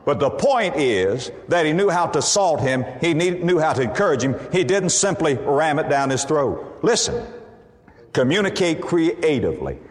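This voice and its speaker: Lively preaching man in a reverberant hall. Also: on the high side. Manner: preaching with rising emphatic bursts and Bible quotations. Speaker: pastor. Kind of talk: sermon.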